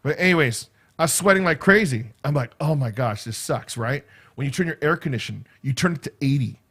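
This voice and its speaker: This man's voice is on the high side, animated, a bit bright and slightly rough, and a little fast. He's hosting a casual home livestream from one of his rooms, rambling chattily and tagging "right?" onto what he says.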